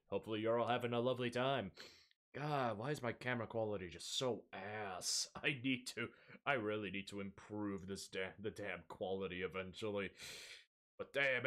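A young man with a mid-range, slightly bright voice streams a game while chatting casually. Wired on an energy drink, he rambles, laughs often and makes jokes at his own expense.

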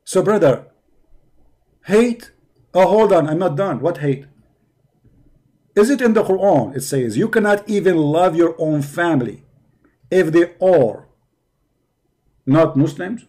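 High-pitched man, mocking reaction commentary. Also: lively intonation, slow, pauses often, mellow. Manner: mocking, sarcastic. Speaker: host. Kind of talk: reaction commentary on a debate clip.

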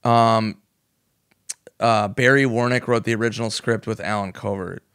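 A man's voice: on the low side, fairly even intonation, moderate pace, fairly bright tone, clear, resonant tone, no room sound, studio quality. A man in his forties from the United States, a comedian guest telling stories in casual chat, swearing freely and acting out what people said. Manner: swears freely and acts out quoted voices. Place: podcast studio.

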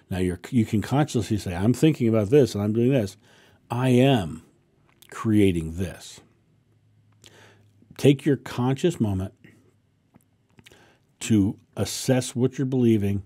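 A man who is a spiritual teacher, calmly answering a viewer's question in a casual monologue and repeating affirmations as he explains. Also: lowish voice, husky.

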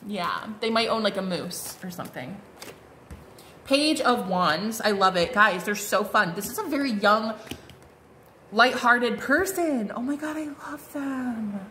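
Her voice is a little high and animated, with a sharp tone, as this woman unhurriedly gives a casual tarot reading. She chatters away bubbly, full of fillers and exclamations like "like" and "oh my God," with a faint hiss or hum behind her.

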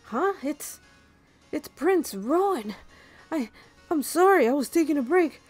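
A woman's voice: high-pitched, animated, a little slow, darkish tone, faint music behind. A woman voicing a flustered male castle guard who stammers out apologies. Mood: startled, flustered.

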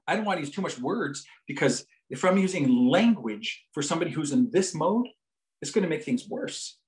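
A male psychologist giving a lecture. He tells a story in a joking, animated way. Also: a little high, low-quality recording.

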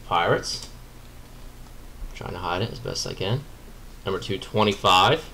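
A man with a fairly low voice talks his way through a card break, chatty and easily excited, muttering small asides as he opens each pack. A faint hum of room noise sits behind him. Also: unhurried. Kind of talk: live card-break commentary.

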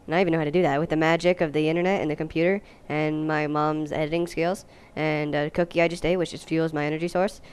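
A young woman giving goofy, jokey gameplay commentary, now and then breaking into silly high-pitched voices. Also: flat delivery, fast, hardly any pauses, darkish tone, clean tone. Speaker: let's play host.

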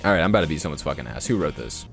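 A man's voice: extremely low pitch, animated, rapid-fire, vocal fry, soft background music. A young man casually commenting while reading a visual novel game aloud, swearing freely and laughing often. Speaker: gaming YouTuber.

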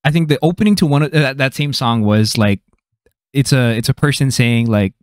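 A man's voice: medium pitch, moderate pace, darkish tone, no room sound, clean studio sound. A young man hosting a podcast, chatting casually and thinking aloud as he goes. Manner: thinking aloud, loose and rambling. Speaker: podcast host.

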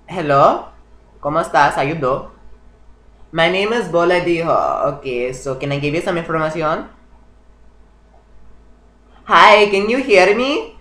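A man's voice: fairly high pitch, lively intonation, measured pace, long pauses, bright, forceful tone, roomy sound, poor audio. A man voicing a comic character who speaks broken English with Spanish greetings, chatting with strangers on a video chat.

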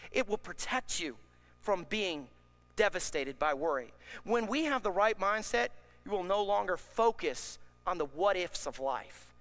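A man preaching a sermon as pastor, impassioned, building up to shouts. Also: high voice.

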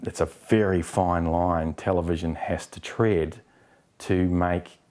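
A man's voice: deep voice, darkish tone. A middle-aged man from New Zealand, an actor answering interview questions candidly and acting out quoted exchanges.

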